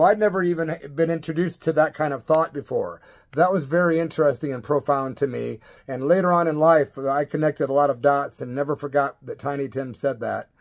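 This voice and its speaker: A middle-aged man, a former rock musician, telling a rambling, animated story in a casual vlog. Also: on the high side.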